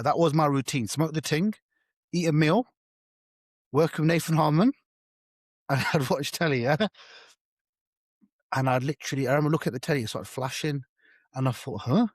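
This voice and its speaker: A man telling an animated, slangy story in a casual podcast chat, swearing freely. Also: fairly high pitch, fairly quick, pauses often, no echo, studio quality. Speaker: podcast co-host.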